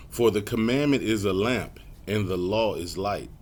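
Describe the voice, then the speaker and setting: A man teaching a Bible lesson in a casual way. He reads verses slowly and clearly, then comments in loose everyday speech full of "man" and "y'all". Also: on the low side.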